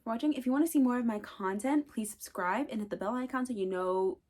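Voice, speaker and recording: A young woman chatting excitedly in a casual vlog, gushing, gasping and dropping into whispers. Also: on the high side, fast. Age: young adult. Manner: gushing, excitable, repeats herself, gasps and whispers. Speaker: booktuber.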